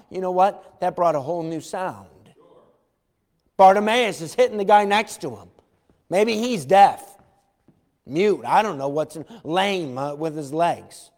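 A man preaching a sermon as a pastor. He talks with animated emphasis, shouts at times and acts out the voices of the people in his story. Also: high-pitched, a little slow, pauses often. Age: adult parent. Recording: long hall reverb.

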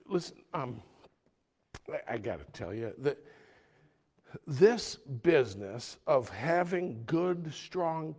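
Man, pastor, sermon, emphatic preaching, hushed then loud, slightly high voice.

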